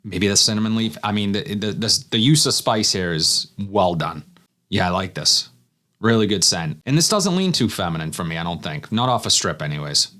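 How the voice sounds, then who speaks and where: Low-voiced man reviewing fragrances casually. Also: moderate pace. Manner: relaxed, thinking aloud while smelling. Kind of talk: casual first-impressions review.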